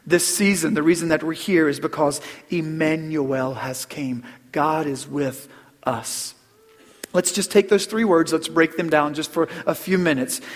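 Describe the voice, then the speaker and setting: A middle-aged man preaching a Christmas sermon as pastor, earnest, repeating words and dropping to a hush on key phrases. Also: on the high side. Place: church sanctuary. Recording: long hall reverb.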